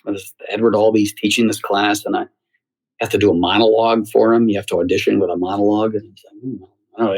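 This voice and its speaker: A middle-aged man from the United States, a theater critic, telling lively stories as a guest in an interview. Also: on the low side, poor audio. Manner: animated storyteller who acts out quoted voices. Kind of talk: anecdotal interview storytelling.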